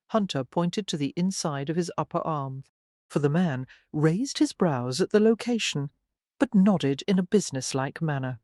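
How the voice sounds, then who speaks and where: An audiobook narrator giving a measured, even scripted reading of a romance novel. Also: medium pitch, no echo, clean studio sound.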